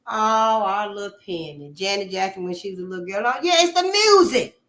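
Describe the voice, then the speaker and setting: A woman from Memphis, hosting a casual, animated monologue, calling listeners honey and swearing freely. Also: mid-range voice, brisk. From Memphis, Tennessee. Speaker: channel host.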